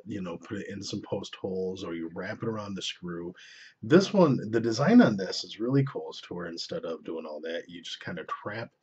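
A man's voice: sits low, a little mellow, husky. A young man giving a casual, rambling, profane review of vaping gear at home, often breaking off mid-sentence. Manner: rambling, profane, self-interrupting. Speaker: vlogger reviewing vape gear. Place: indoors at home. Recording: dull lo-fi camera audio.

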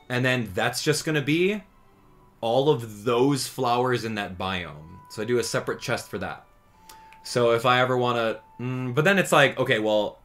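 A channel host with a medium-pitched voice gives casual gameplay commentary, chatty and excitable, thinking out loud as he plays.

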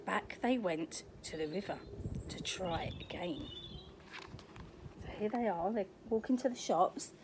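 This older woman, cast as a grandmother storyteller, reads a picture book to children in an outdoor garden with a chatty, sing-song manner and plenty of questions for the listener. Her voice sits mid-range with lively intonation, moving a little slowly with long pauses. Background noise and faint birdsong are present.

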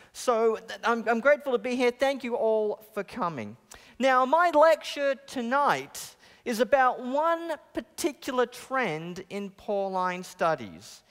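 Australian man lecturing in a reverberant chapel. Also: high voice. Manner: quick, self-deprecating, with restarts. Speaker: guest lecturer. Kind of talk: academic lecture. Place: large chapel. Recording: long hall reverb.

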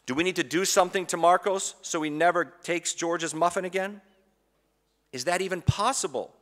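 A middle-aged man, a seminary professor, giving a conference talk and telling a family story in a lively way, acting out the shouts of children and parents. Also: high-pitched, normal speed. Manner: animated, acts out children's cries and parents' shouts. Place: conference hall. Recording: long hall reverb.

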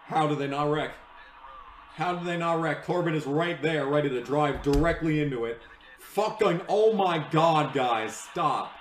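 A young man giving live reaction commentary to a race, excitable and swearing, yelling at the screen. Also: on the high side, echoey room, a little hiss or hum, low-quality recording.

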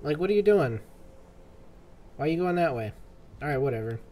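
A young man with a slightly high voice gives loose, joking commentary while playing a game. He chats to the characters and reacts aloud as he goes. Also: lively intonation, fairly quick, mellow. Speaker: gaming video host. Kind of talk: casual gameplay commentary.

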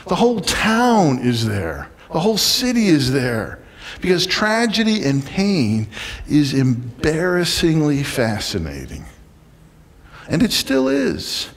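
A man preaching a sermon in a church, lively and dramatic, sometimes acting out the voices of a crowd. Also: a little high, long reverb tail. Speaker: pastor. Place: church sanctuary.

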